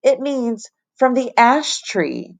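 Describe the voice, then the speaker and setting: A woman's voice: fairly high pitch, very animated, gravelly, voice pushed up, heavily acted. A woman doing a stern male schoolteacher. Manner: firm, measured, lectures and scolds.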